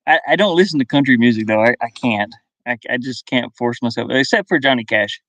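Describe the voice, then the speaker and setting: A man with a light Southern drawl, from Kentucky and Virginia, chats casually on a van live stream, reading viewers' comments, musing aloud and often chuckling. His mid-range voice is a bit bright and moderately paced, with no echo.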